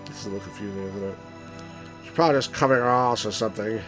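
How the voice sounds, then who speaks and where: A man's voice: lowish voice, rapid-fire, a bit bright, soft background music. A man hosting a game stream, chatting casually and reading out game dialogue in put-on voices. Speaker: let's play host. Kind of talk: casual chat, reading game lines aloud.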